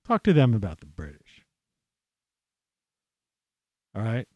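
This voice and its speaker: A man's voice: on the low side, wildly swooping pitch, takes it slowly, no room sound, dull audio. Profane, ranting American man. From United States. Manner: angry, swearing, rambling with many fillers. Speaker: podcast host.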